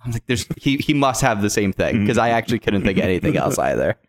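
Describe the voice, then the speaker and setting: A man's voice: fairly low pitch, very animated, fast. A man hosting a podcast and running a guessing game for his co-hosts, talking loosely in casual chat with plenty of fillers. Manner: loose, rambling, lots of fillers.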